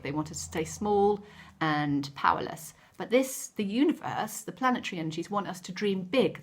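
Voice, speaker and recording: A woman giving a gentle, encouraging weekly card reading, with frequent ums and self-corrections. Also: mid-range voice. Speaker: tarot card reader.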